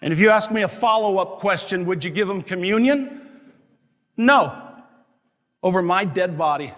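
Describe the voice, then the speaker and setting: High-voiced priest preaching with fiery indignation. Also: male voice, normal speed, a bit bright. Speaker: diocesan priest. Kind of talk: sermon. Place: church. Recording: long church reverb.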